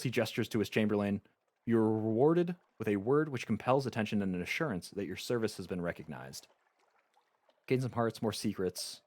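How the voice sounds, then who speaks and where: A man's voice: fairly low pitch, darkish tone, no room sound. A man streaming a game live, reading its story text aloud and chatting casually with frequent stammered restarts.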